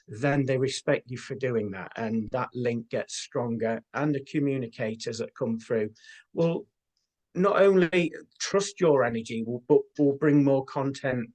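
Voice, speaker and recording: A man's voice: mid-range voice, a little mellow. Earnest man telling his story. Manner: earnest, unhurried storytelling with fillers. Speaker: guest, spiritual medium. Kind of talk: casual interview talk.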